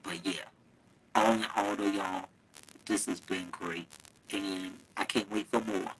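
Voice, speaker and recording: A man's voice: low-pitched, steady tone, unhurried, fairly bright tone, slight background noise, poor audio. A man hosting a casual live stream, chatty and affectionate, laughing often and talking straight to his viewers through a phone mic. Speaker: livestream host. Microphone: phone mic, held too close at first.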